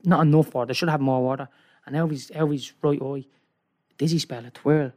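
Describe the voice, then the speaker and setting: A man telling a long, rambling story in casual chat, excitable and peppering his talk with "right?". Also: fairly high pitch, brisk. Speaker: guest.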